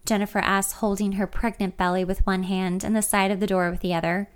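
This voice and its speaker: A woman's voice: mid-range voice, little pitch movement, a little fast, smooth. A young woman reading a first-person story aloud in a wry, conversational way. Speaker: narrator.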